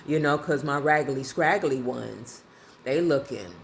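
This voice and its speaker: A woman vlogger telling a casual story in a lively, colloquial way, often breaking into laughter. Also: low-pitched, normal speed, slight background noise. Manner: animated, laughing, colloquial and conversational.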